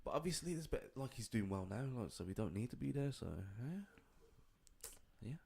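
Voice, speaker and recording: A man's voice: mid-range voice, lively intonation, brisk, gravelly, mellow, slight background noise. A young man with a Birmingham accent, co-hosting a podcast in casual, slangy chat full of swearing and laughs. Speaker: podcast co-host.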